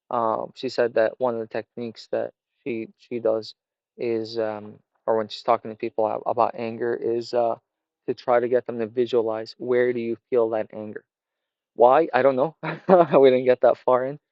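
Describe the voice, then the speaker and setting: Male vlogger, mid pitch, halting thoughtful monologue, lo-fi muffled audio. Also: steady tone, dry recording. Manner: rambling, hesitant, many fillers and restarts. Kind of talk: casual reflective monologue. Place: outdoors by a fire. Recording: dull lo-fi sound.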